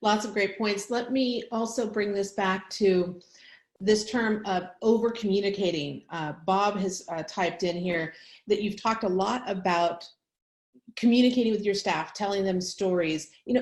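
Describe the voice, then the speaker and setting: A woman's voice: mid-range voice, darkish tone. A woman moderating a webinar, relaying a viewer's question and asking the guest to expand. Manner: inquisitive, relays audience questions. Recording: roomy echo.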